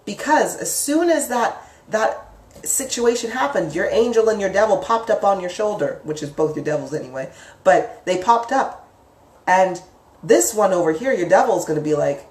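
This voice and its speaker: A woman giving a casual spoken lesson on the mind, chatty and lively, acting out inner voices with sudden leaps up in pitch. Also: moderate pace, recorded from a distance. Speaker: psychic teacher. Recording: echoey room, speaker away from the mic.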